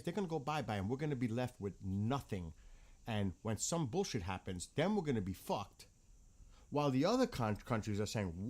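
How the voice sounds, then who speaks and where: Heated man ranting with lively pitch. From United States. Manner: blunt, heated, swears often. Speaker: vlogger. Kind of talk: casual political rant.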